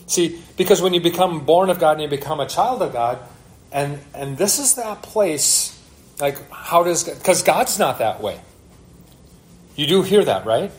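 A man with a voice a little higher than most men's preaches a sermon. He reads scripture aloud and breaks it down, and he keeps turning to his listeners with rhetorical questions. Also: expressive, takes it slowly. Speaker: pastor.

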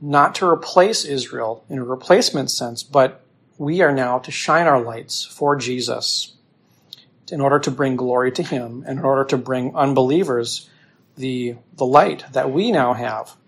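A man, teaching as a pastor through a scripture passage in a relaxed sermon, repeating himself with fillers as he explains. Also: medium pitch, measured pace, vocal fry, husky.

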